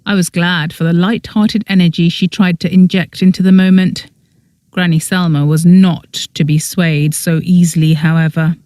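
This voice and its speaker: Mellow, dry-voiced audiobook narrator. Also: mid-range voice, flat delivery, normal speed, no echo. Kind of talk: scripted first-person narration.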